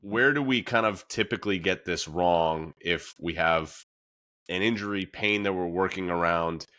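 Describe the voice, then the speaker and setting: A man's voice: sits low, moderate pace, bright, forceful tone, no echo. A man hosting a podcast, chatty and laughing often, with lots of fillers. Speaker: podcast host. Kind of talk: casual podcast conversation.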